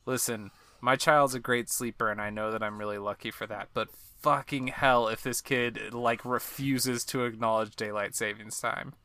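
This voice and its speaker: A man's voice: mid-range voice, fairly even intonation, normal speed, hardly any pauses, bright, forceful tone. A man co-hosting a podcast, chatting casually in a goofy, joking, rambling way. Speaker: podcast co-host. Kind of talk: casual chat.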